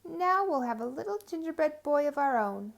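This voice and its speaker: A woman's voice: high voice, lively intonation, moderate pace, creaky, pitched above the performer's own voice. Woman voicing a cheerful little old baker woman. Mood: pleased. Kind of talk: children's storybook reading.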